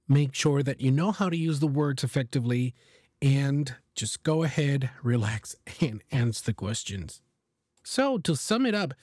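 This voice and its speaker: A man's voice: medium pitch, a little mellow, no room sound. Male exam-prep teacher, dry recording. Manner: explanatory, with frequent restarts and light laughs. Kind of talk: podcast lesson monologue.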